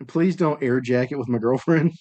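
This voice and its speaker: A man's voice: medium pitch, moderate pace, mellow. Bantering man on a casual podcast. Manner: bantering, repeats words when cutting in. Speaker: podcast co-host. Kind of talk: casual chat.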